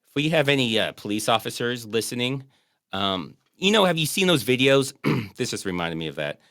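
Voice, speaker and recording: Lively, bright-voiced man riffing on a movie. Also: mid-range voice, moderate pace, no echo, clean studio sound. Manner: joking, rambling, laughs often. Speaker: podcast co-host. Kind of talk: casual movie commentary chat.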